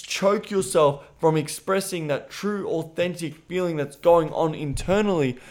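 A man co-hosting a podcast, speaking candidly and swearing freely as he acts out conversations with animated voices. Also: on the high side. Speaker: podcast co-host. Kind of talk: casual podcast chat.

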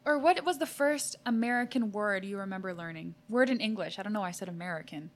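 A woman of twenty-four hosting a casual podcast interview, upbeat and laughing often as she fires off quick questions. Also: mid-range voice. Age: 20s. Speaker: podcast host.

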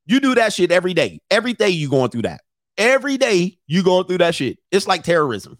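A man's voice: sits high, sing-song, brisk, no echo, studio quality. A man hosting, on a loose, profane comic rant, breaking into put-on voices.

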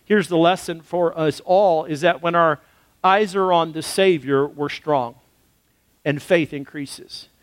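A male pastor delivers a casual, animated sermon, slipping into acted-out quotes along the way. His voice sits high for a man. The sound is dry and close, with no room echo. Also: unhurried.

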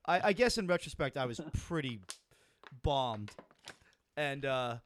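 A man co-hosting a casual podcast, throwing in quick jokes and reactions. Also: medium pitch, animated, a little hiss or hum. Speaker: podcast co-host. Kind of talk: casual chat.

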